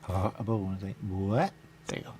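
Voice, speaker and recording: A man's voice: deep voice, brisk, darkish tone, a little hiss or hum. A man hosting a radio show, talking in a rambling, mumbling way and repeating little phrases to himself. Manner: mumbling, repeats "there you go", chuckles. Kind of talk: rambling casual talk.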